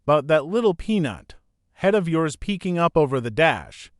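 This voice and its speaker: A man's voice: on the high side, big pitch swings, normal speed, no echo, studio quality. A man voicing a kindly older man, a joking grandfather who teases easily. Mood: teasing. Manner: joking, easygoing teasing. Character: teasing older man, kind grandfather driver.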